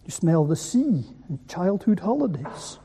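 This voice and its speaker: A preacher delivers a sermon at an unhurried pace, leaning on rhetorical questions and repeated words. The voice is deep-toned and husky. It carries the long reverb of a large hall. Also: big pitch swings, mellow. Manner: asks the listeners rhetorical questions; gives words weight by repeating them. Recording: echoey hall.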